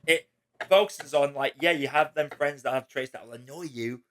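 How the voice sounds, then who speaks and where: A man hosting a casual spoiler chat, retelling movie scenes in an emotional, animated way. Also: fairly high pitch, moderate pace. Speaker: host.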